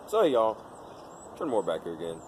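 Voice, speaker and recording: A man's voice: lowish voice, big pitch swings, a little fast, a little mellow, slight background noise. A man vlogging in casual talk to his camera, rambling with lots of fillers and restarts. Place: outdoors in daylight.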